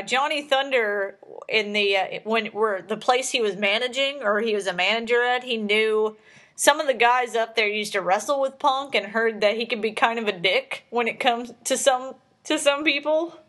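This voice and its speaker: A woman's voice: on the high side, moderate pace, fairly bright tone. A young woman hosting a casual chat, rambling along with many fillers as she tells stories. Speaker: host.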